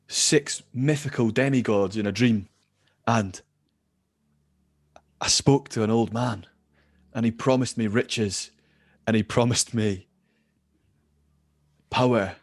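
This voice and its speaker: A man voicing a grandiose, stubborn male kobold adventurer, speaking insistently with dramatic pauses, close and dry. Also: medium pitch, dry recording. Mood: awed.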